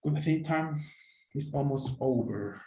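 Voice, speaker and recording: Male teacher running a live online pronunciation lesson, mid-pitched, encouraging, echoey room. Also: unhurried, mellow. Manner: encouraging, praises students by name, non-native phrasing.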